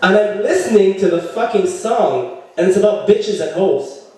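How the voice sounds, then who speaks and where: A man's voice: normal speed, darkish tone. A young man doing a crude stand-up set, telling stories and jumping into characters' voices. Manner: crude storytelling, acts out characters with jumpy pitch. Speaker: stand-up comedian. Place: comedy club stage. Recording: very echoey room, voice from far off the mic.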